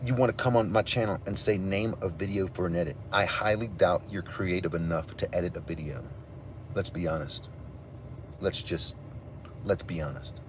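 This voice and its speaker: A man's voice: sits low, steady tone, normal speed, slight background noise. A man hosting a livestream, ranting angrily and profanely at his chat. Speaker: livestream host. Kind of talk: angry livestream rant to chat.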